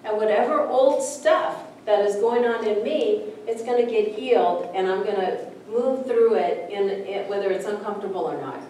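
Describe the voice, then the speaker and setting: A woman's voice: mid-range voice, moderate pace, few pauses, warm tone. A middle-aged woman speaks as a spiritual teacher, sharing a story with her listeners in a loose, heartfelt way, full of "you know"s. Her voice carries a heavy echo, caught from a distance across the room with a faint hum behind it. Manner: conversational, earnest, many "you know" fillers. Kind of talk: informal sermon-style storytelling to a small audience. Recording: echoey room, mic far off, faint noise.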